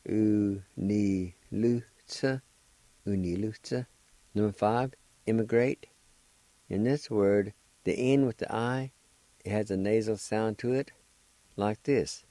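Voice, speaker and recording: A man's voice: on the low side, takes it slowly, pauses often, warm tone, no room sound, poor audio. A man hosting a radio language lesson, spelling out words letter by letter and repeating each syllable patiently. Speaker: language teacher and radio host.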